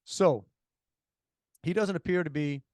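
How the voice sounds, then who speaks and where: A man with a Cajun accent tells a long story on a podcast in a fairly high voice. He talks in an animated, rambling way, full of restarts. The sound is close and dry. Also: measured pace, no echo. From Louisiana. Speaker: podcast co-host. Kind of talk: casual storytelling.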